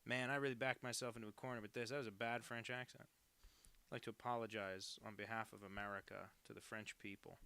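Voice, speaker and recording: A man's voice: lowish voice, fairly even intonation, fast, vocal fry, bright, forceful tone, clear, resonant tone. A man chatting casually on a live drawing stream, rambling and self-deprecating with crude asides.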